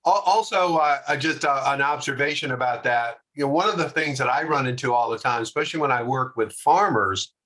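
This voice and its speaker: Bright-voiced man presenting a webinar. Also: mid-range voice, brisk, hardly any pauses. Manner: casual, hesitant, many fillers. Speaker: workshop presenter. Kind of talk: webinar commentary.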